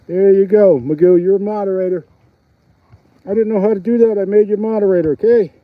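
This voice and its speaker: This high-pitched, fairly evenly intoned voice belongs to a middle-aged man with a Philadelphia accent, talking fairly quickly with no room sound. He's ice fishing on a windy frozen lake, casually chatting and often laughing for livestream viewers, recorded on a chest-strapped phone that gives dull, slightly lo-fi sound.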